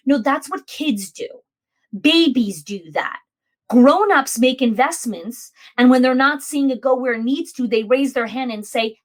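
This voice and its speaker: A woman with a somewhat high-pitched voice hosts a motivational podcast. She speaks emphatically, repeating key phrases to drive them home. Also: normal speed. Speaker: podcast host.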